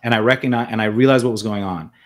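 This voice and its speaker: A man's voice: lowish voice, rapid-fire. A man guest in an interview, telling his own story in an earnest, reflective way, often restarting and repeating words. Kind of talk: conversational storytelling.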